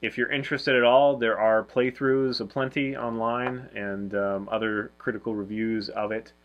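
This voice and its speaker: A man's voice: mid-range voice, steady tone, normal speed, dull audio. A man co-hosting a casual board game review, talking loosely with lots of fillers and restarts. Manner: rambling, many fillers and restarts.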